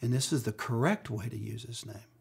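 A middle-aged male pastor preaches with an easy storytelling flow. His voice sits at an ordinary male pitch, and he slips in playful acted-out quotes while keeping the message earnest. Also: a little fast, gravelly, slightly rough. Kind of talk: sermon.

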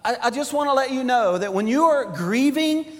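A middle-aged male pastor preaching a sermon, swinging between loud emphasis and hushed, intimate asides. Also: very high voice, expressive, moderate pace. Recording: long hall reverb.

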